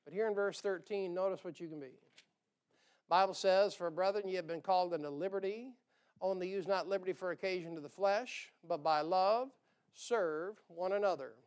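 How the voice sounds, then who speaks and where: Folksy high-voiced preacher. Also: male voice, moderate pace, clear, resonant tone. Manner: folksy, joking, calls out "amen?" often. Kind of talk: sermon. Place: church sanctuary.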